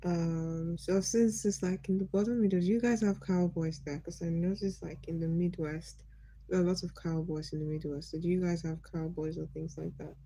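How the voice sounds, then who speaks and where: A woman's voice: on the low side, steady tone, normal speed, warm tone, dry recording, low-quality recording. A Nigerian woman from Nigeria hosting a casual livestream, greeting viewers by name and asking them curious questions. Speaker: livestream host.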